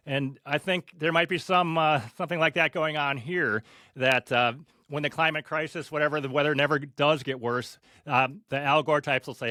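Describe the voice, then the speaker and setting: Podcast guest guy, kinda high voice, stammers a lot, dry close sound. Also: fairly even intonation, sharp tone, dry recording. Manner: halting, many stammers and fillers. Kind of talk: casual podcast conversation.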